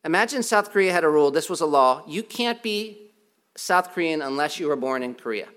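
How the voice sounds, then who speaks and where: A man's voice: a little high, animated, brisk, a bit bright. A man preaching a sermon as pastor, emphatic and repetitive, with self-deprecating humor. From United States.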